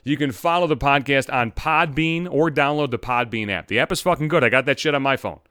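A man's voice: medium pitch, a little fast, sharp tone, clean tone, no room sound. A man hosting his own podcast as a voice actor, ranting in a profane, exasperated monologue that keeps escalating, recorded on a studio podcast mic.

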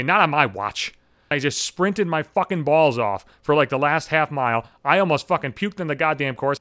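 A man in his mid-thirties hosts a solo podcast in a brash, foul-mouthed, sardonic rant. His voice sits a little high for a man. The sound is dry and close, with almost no room around it. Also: a bit bright, no room sound. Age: 30s. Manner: profane, brash, sardonic ranting. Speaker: podcast host.

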